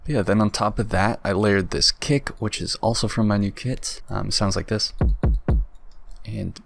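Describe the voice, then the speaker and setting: Laid-back young man with a low gravelly voice. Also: steady tone, normal speed. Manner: laid-back, rambling, lots of filler words. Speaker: beat producer. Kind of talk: casual tutorial walkthrough. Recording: music faintly underneath.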